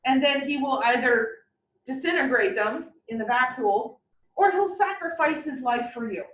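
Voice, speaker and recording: High-voiced woman lecturing from across a room. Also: moderate pace, a little hiss or hum. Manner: animated, playful analogies. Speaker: anatomy instructor. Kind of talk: classroom lecture. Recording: roomy, distant, dull lecture recording.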